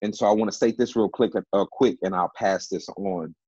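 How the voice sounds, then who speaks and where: A man's voice: on the low side, a little fast, warm tone, husky, no room sound, lo-fi sound. A man teaching from the Bible in a panel discussion, emphatic and repeating key words, with many fillers.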